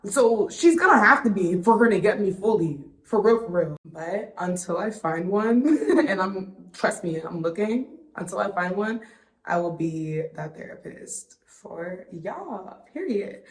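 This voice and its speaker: A woman's voice: medium pitch, animated, measured pace. A woman hosting a solo podcast, talking candidly and with lots of swearing, a little tipsy from wine. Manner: candid and profane, loose tangents. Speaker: podcast host. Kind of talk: casual solo podcast monologue. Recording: roomy echo.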